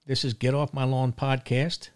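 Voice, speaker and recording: A man hosting his own podcast, telling a grievance story in a gruff, indignant way with lots of fillers. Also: mid-range voice, level tone, normal speed. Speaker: podcast host. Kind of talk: casual monologue. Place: seaside town home.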